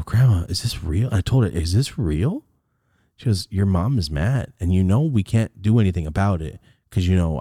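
A young man telling a story on his podcast in a casual, animated way, swearing and acting out the lines of the people he quotes. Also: lowish voice, no room sound, studio quality. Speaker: podcast host.

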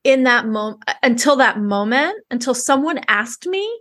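A woman hosting a podcast in casual chat, conversational and quick to chime in with agreement. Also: on the high side, animated, a bit bright. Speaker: podcast host.

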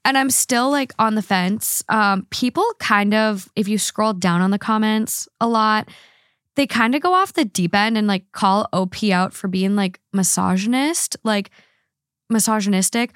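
A woman's voice: medium pitch, unhurried, fairly bright tone, dry recording, clean studio sound. A woman hosting a podcast, a little drunk, rambling through online comments with lots of fillers and slips. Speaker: podcast host. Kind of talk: casual chat reading online comments.

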